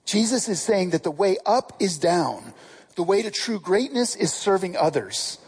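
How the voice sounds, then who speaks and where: Preacher, conversational sermon, asks listeners questions, slightly husky voice. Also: mid-range voice, big pitch swings, normal speed, darkish tone, rough recording.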